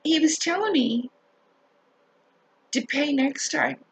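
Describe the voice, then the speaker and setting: A woman telling a story in a casual rant to her viewers, animated, swearing and laughing as she talks. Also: high-pitched, slow, vocal fry, low-quality recording. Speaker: vlogger.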